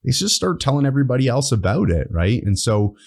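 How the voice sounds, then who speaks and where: This podcast guest, founder of a training course, speaks at a mid-range pitch with a sing-song lilt, vocal fry and a darkish tone, talking fast. In casual interview chat he explains things earnestly, tagging his points with frequent "right?"s.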